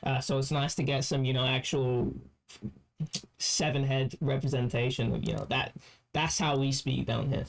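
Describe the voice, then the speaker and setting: A man giving casual commentary as a streamer, rambling and halting with many restarts. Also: medium pitch, fairly even intonation, creaky, a little hiss or hum. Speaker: streamer reacting to clips.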